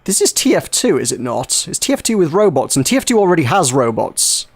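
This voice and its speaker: Host type: British guy, slightly high voice, rambling and jokey on a gaming podcast. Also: sing-song, slightly rough. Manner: jokey, rambling, quick to laugh. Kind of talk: casual gaming podcast chat.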